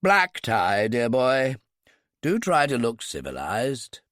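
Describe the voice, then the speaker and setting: A man's voice: medium pitch, wildly swooping pitch, slow, fairly bright tone, no echo, studio quality, heavily acted. A man reading an audiobook, voicing an elderly British brigadier with a clipped, wry, authoritative manner. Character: gruff elderly British brigadier, dry and commanding.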